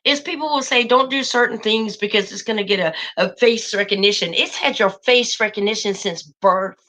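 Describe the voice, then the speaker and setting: A woman's voice: mid-range voice, normal speed, bright, forceful tone. A woman hosting a casual livestream, talking emphatically and a bit preachily to her viewers, calling them y'all. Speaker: channel host.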